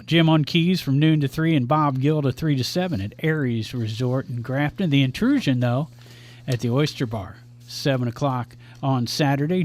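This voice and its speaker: A man's voice: medium pitch, no room sound. A man co-hosting a local radio show, casually rattling off live-music listings with jokes in between. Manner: rattles off event listings, joking. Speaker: radio show co-host reading gig listings.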